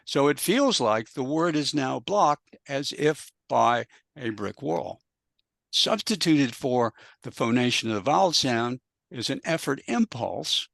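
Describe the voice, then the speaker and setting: A man with a gravelly, creaky voice, recorded dry and close with no room sound. He talks as a panel speaker, laying out an explanation one step at a time in a measured, patient way. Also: medium pitch, a bit bright, no echo.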